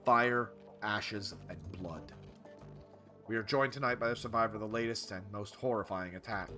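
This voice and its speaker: A man voicing a pushy male TV news reporter with a brisk, bright broadcast delivery. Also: lowish voice, faint music behind. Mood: grave broadcast.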